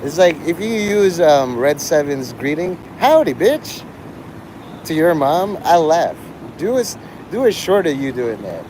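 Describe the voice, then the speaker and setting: A man's voice: fairly high pitch, big pitch swings, normal speed, low-quality recording. A man hosting a live stream, talking in a rambling, profane monologue that jumps between topics. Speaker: livestream host. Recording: live stream with loud street noise.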